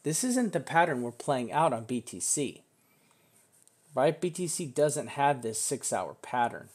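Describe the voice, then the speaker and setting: Walking through crypto charts in a relaxed live analysis, this man rambles, restarts his thoughts and swears casually. He speaks a little slowly in a mid-range, sing-song voice that is darkish and slightly rough.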